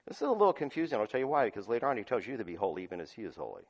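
A man preaching a sermon, reading scripture aloud and explaining it, moving between loud emphatic lines and quiet asides with frequent chuckles. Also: lowish voice, sing-song, rapid-fire, hardly any pauses, muffled recording. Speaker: pastor.

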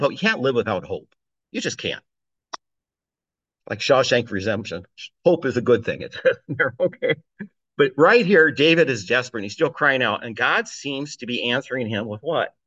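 Guy preaching a relaxed sermon, reads verses out loud, kinda dull dry sound. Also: mid-range voice, moderate pace, long pauses, dry recording. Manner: conversational, reads scripture aloud, chuckles between points. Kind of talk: informal sermon on a psalm.

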